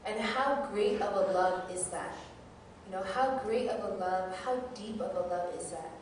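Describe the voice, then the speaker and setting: A woman's voice: medium pitch, moderate pace, slight background noise. A woman who teaches, giving a candid, self-deprecating personal testimony as a sermon. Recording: very echoey hall, mic far off.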